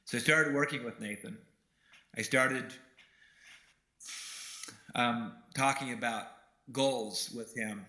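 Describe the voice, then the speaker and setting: Male keynote speaker, bright, forceful tone, earnest storytelling, echo of a big room. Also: mid-range voice, takes it slowly, long pauses. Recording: roomy hall echo.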